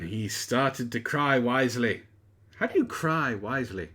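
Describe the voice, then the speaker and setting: A man's voice: medium pitch, animated, a little slow, sharp tone, slightly rough. A man reading a story aloud for laughs, with sarcastic asides between lines. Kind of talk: mocking comedic dramatic reading.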